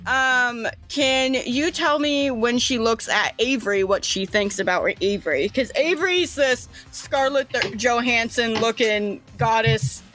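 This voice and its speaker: A woman's voice: a little high, unhurried, few pauses, a bit bright, soft background music. A woman narrating a tabletop game as game master, casual and laughing, with some swearing.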